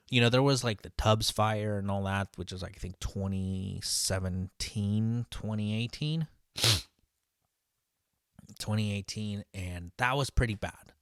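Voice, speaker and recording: In a dry, studio-quality recording, a lowish-voiced man who works as a line cook rambles through a casual story. He's profane and heated, swearing nonstop, filling his speech with "like" and "dude," and frequently starting sentences over.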